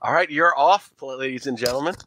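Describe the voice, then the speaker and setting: A man's voice: medium pitch, fairly quick, bright, forceful tone. A man running a tabletop game as game master, talking loosely and jokily with frequent restarts.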